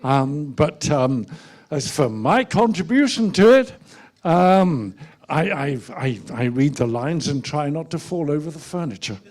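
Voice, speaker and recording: A British actor on a festival panel, speaking in a hesitant, self-deprecating way with laughing asides. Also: male voice, a little high, sing-song, a little slow, a little mellow. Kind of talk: casual panel talk.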